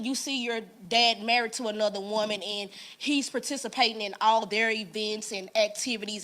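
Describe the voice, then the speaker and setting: A woman, sharing a personal testimony in an earnest, conversational way. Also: a little high. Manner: earnest storytelling, quotes people in lively voices. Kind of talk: casual church talk, personal story.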